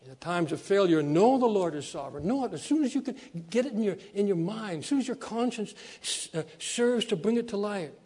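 A man preaching a sermon as a pastor, repeating key phrases and swinging between soft low lines and loud emphatic ones. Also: lively intonation, brisk, few pauses, slightly rough.

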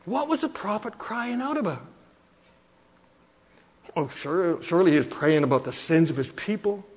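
A man preaching a sermon from Canada, earnest and repeating phrases for emphasis, slowing down to quote scripture. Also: high voice, lively intonation, a little mellow.

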